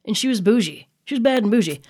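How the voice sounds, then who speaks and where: A middle-aged woman in casual chat, telling a story in a lively, swearing way and acting out what people said. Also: on the high side, fast talker, breathy edge. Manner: profane, animated storytelling with acted-out quotes.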